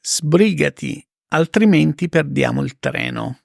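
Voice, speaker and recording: Gravelly man teaching a language lesson. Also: medium pitch, lively intonation, dry recording, studio quality. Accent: Italian. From Italy. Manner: slow, careful repetition of example phrases. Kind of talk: scripted grammar lesson.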